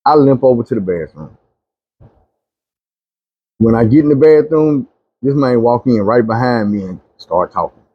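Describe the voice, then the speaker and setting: A man telling a long dream story, animated, dropping low and quiet when he pleads. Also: moderate pace, pauses often, slightly rough, no room sound, dull audio. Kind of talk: recounting a dream testimony.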